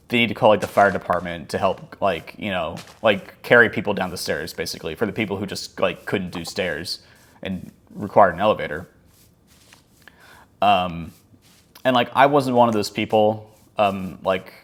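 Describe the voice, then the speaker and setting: A man telling a casual story over gameplay, rambling along with many fillers like "like" and "um". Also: fairly low pitch. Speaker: gaming channel host.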